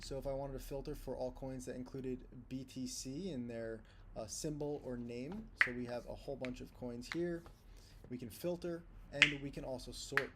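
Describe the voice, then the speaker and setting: A man presenting a steady, explanatory walkthrough of an app's features. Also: mid-range voice, heavy background noise. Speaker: tutorial presenter. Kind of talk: screen-recorded app walkthrough.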